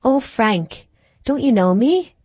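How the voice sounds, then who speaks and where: A woman's voice: a little high, sing-song, takes it slowly, dark tone, breathy edge, dry recording, voice pushed up, full character voice. A woman voicing a timid young woman in an audiobook, speaking in a tremulous, faltering, pleading way. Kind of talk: audiobook character reading.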